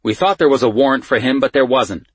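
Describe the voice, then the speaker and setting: A man narrating an audiobook voices a sheepish male jail deputy who explains himself quickly and defensively. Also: mid-range voice, expressive, fairly bright tone, slightly rough, dry recording, pitched above the performer's own voice.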